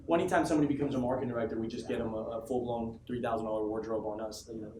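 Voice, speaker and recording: A man's voice: medium pitch, flat delivery, racing, few pauses, mellow, a little hiss or hum. Emphatic man giving a motivational speech. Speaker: motivational speaker addressing his team. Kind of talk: motivational speech to a live audience. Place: large office room with an audience. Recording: echoey room from a distance with faint ambience.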